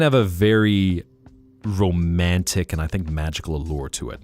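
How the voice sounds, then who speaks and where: A man's voice: sits low, normal speed, darkish tone. A man hosting a casual late-night livestream, chatting playfully and dipping into accents as he talks. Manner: playful, slips into accent bits while musing. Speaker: livestream host.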